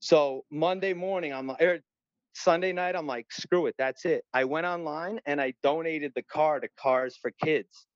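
A middle-aged man, telling a story in an animated, profane way and acting out other voices. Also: fairly high pitch, moderate pace, no room sound, lo-fi sound. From Long Island, New York. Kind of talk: casual storytelling.

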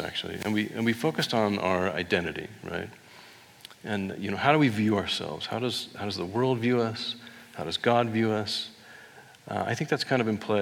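A man's voice: fairly low pitch, vocal fry, a bit bright. A man preaching a sermon from a church stage mic in a casual, conversational way, often restarting his sentences. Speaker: pastor. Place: church sanctuary. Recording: reverberant church hall.

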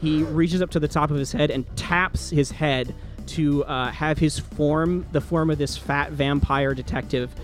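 A man's voice: on the high side, fairly even intonation, a little slow, faint music behind. A man narrating a tabletop game as game master, describing scenes with casual fillers.

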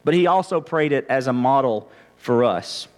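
A man's voice: mid-range voice, lively intonation, normal speed. A male pastor preaching a conversational sermon, often stammering and restarting his phrases. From Texas, United States.

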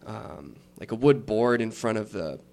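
A man narrating a tabletop game as game master, unhurried and rambling, with many fillers. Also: on the low side, lively intonation, vocal fry, darkish tone.

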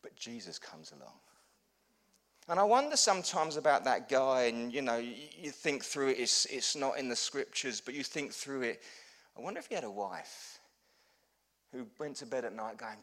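A man preaching a sermon as pastor, telling stories with humor, swinging from loud bursts to hushed lows. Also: big pitch swings, normal speed.

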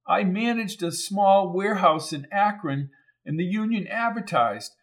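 A man's voice: high voice, animated, measured pace, voice pushed up. A man voicing a frightened woman caught up in union corruption, earnest and worried, for an audiobook. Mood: chatty.

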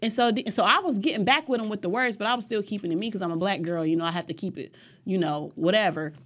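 A young adult woman on a podcast, chatting casually and telling an animated story, swearing freely. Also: medium pitch, quick pace. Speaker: podcast guest.

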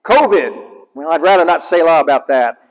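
A man's voice: fairly high pitch, lively intonation, normal speed, muffled recording. Male chaplain preaching in an echoing hall. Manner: conversational, asks the congregation questions. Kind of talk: sermon.

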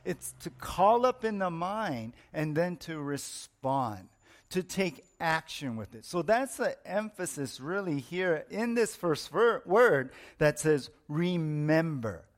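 A man's voice: a little high, animated, takes it slowly. A middle-aged man, a pastor, preaching a sermon in an explanatory teaching manner, repeating his points for emphasis.

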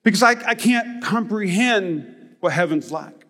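A man in his thirties preaching a sermon as pastor, animated and joking, rising to shouts for emphasis. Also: sits high, a little slow. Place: church hall. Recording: reverberant hall.

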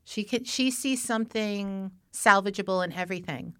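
Smooth-voiced woman host, dry close sound. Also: medium pitch, normal speed, dry recording. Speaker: podcast host. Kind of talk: casual chat.

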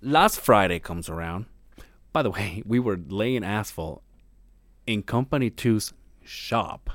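A man's voice: lowish voice, slow, no room sound. A man co-hosting a podcast, telling a work story in casual, profane chat. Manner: profane, animated, swears a lot. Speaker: podcast co-host; construction worker.

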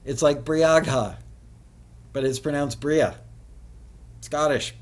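A man hosting a live web show, chatting casually with viewers, often laughing and spelling things out slowly. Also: medium pitch, darkish tone.

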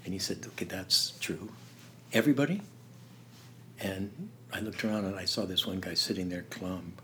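An older man telling stories in an interview, halting and laughing, dropping to a hush when he quotes someone. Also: sits low, steady tone, a little hiss or hum. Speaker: interview guest. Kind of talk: storytelling in conversation.

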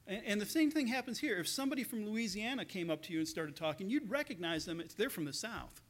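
A male pastor with a fairly high voice preaches a sermon, retelling a story in earnest, spoken tones. He often repeats a word or two as he goes, talking it through with his congregation. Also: expressive, fast.

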